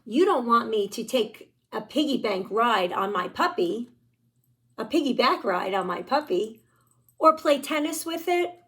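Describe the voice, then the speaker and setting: A woman's voice: a little high, expressive, unhurried, a bit bright. A woman voicing a pushy male pigeon from a picture book, wheedling and dramatic as he begs. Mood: sulky. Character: pushy pleading male pigeon, storybook bird.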